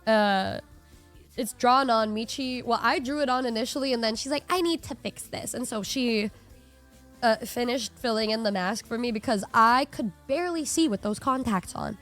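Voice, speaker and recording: A young woman streamer telling a funny story to her chat in a casual way, lively, swearing and acting out what people said. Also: a little high, moderate pace, faint music behind. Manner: animated, swears, acts out quotes.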